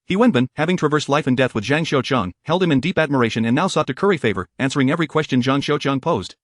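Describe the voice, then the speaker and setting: A man narrating an audiobook in a brisk, even storytelling manner. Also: medium pitch, no echo, clean studio sound.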